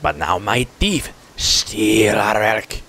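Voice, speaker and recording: A man voicing a proud little male kobold chief in a video game, speaking slowly in broken phrases. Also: on the low side, animated, sharp tone, exaggerated voice. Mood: blustery. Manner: broken clipped speech, slow and emphatic.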